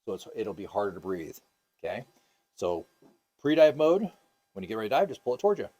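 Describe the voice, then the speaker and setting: A man's voice: on the low side, sing-song, fairly quick, dark tone. Casual upbeat male scuba instructor. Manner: casual and upbeat, many ums and uhs, asks the class questions. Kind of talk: classroom teaching.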